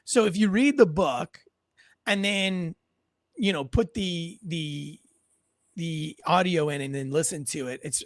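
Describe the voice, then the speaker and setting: A man's voice: a little high, no room sound. A man hosting a podcast in a casual, rambling storytelling way, often restarting his sentences. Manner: rambling, self-correcting storyteller. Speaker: podcast host.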